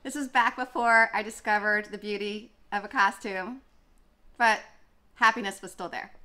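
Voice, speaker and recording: Young woman vlogger, chatty and gushing, bright forward tone. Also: medium pitch, steady tone, normal speed. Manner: chatty, gushing, many fillers and restarts. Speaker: running vlogger. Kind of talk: casual chat.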